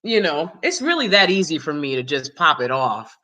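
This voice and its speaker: A woman hosting her own live stream, ranting loudly and cursing heavily in casual talk. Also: sits low, sing-song, moderate pace, muffled recording. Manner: loud, profane, heated. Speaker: channel host.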